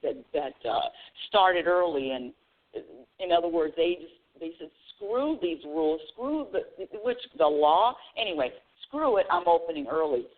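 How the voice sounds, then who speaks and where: A woman radio show host telling a casual, animated story about her week, with bursts of high excited squeals. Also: moderate pace. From United States. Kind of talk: casual spiritual talk monologue. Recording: tinny phone-line audio.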